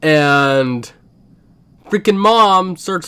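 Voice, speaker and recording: A young man telling a comedic story, swinging between loud outbursts and muttered asides. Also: on the high side, expressive, a little slow.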